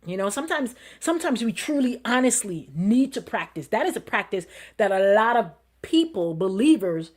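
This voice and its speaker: A middle-aged woman pastor preaching in a conversational style, repeating phrases, asking the listeners questions and dropping to a quiet murmur when she repeats her calming self-talk. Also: mid-range voice, normal speed, hardly any pauses. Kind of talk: sermon.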